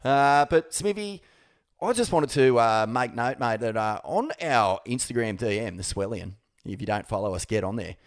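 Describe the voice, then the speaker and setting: A man's voice: mid-range voice, lively intonation, moderate pace. An Australian man co-hosting a casual sports chat, laid-back and sweary, mate-heavy banter. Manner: sweary, laid-back, swoops into mock voices. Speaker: co-host.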